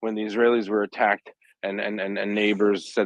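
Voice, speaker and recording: Guy arguing his point hard, lowish voice, dull lo-fi audio, acts out what people say. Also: little pitch movement, brisk, dry recording. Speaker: guest commentator. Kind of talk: casual online discussion.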